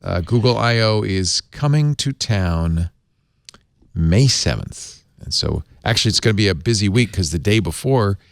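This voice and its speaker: Picture a man hosting a chatty tech podcast, his pitch swinging widely as he jokes and laughs. The sound is close and dry, with no room around it. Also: moderate pace, vocal fry, no echo. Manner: animated, laughing, jumps up in pitch when excited. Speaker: podcast host. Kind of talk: casual tech podcast chat.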